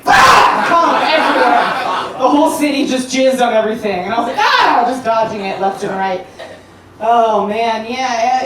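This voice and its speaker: Loud, profane female stand-up comic, laughs through her bits; echoey, far-off house-show recording. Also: on the high side. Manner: brash, profane, laughs at own jokes. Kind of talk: stand-up comedy set. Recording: echoey room, distant mic, noisy.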